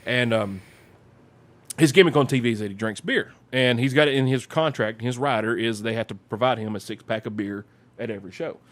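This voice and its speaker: A man tells a rambling story in loose, casual chat. He acts out the other people's lines as he goes, and his voice sits at an everyday middle pitch. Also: a little fast. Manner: rambling, animated anecdote-telling with acted-out quotes. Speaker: podcast guest storyteller.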